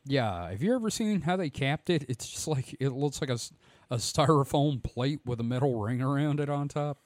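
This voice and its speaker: A hoarse man co-hosting a podcast in casual, joking, profane banter. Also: mid-range voice, lively intonation, moderate pace, a little mellow, no room sound. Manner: joking, profane, reads stories aloud. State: hoarse throat. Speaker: podcast co-host.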